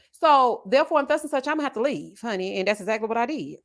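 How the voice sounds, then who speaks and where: A woman's voice: fairly high pitch, lively intonation, rapid-fire, few pauses, fairly bright tone. Sassy woman telling a story. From Houston, Texas. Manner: sassy, dramatic, acts out quoted voices. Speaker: commentary channel host. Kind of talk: storytelling chat.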